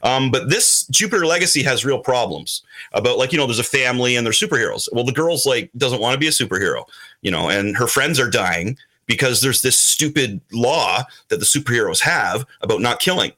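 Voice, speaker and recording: Animated man with a bright, lively voice. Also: mid-range voice, fairly quick. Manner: animated, slips into put-on voices for quotes. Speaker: show regular, comic publisher. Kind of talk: casual podcast chat.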